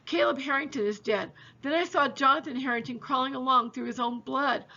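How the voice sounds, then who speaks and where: Scared little boy, teary and shaky, kinda high and breathy, as a lady reads him out, dull lo-fi sound. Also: brisk, bright, forceful tone, exaggerated voice. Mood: shaken grief. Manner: tearful, shaky, pleading. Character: frightened grieving young boy.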